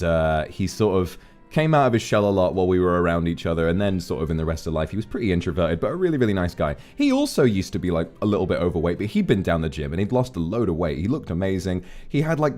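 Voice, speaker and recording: A man streaming, telling rambling, profane stories about his friends in a casual chat. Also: deep voice. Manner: rambling, profane, animated anecdotes. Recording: faint background music.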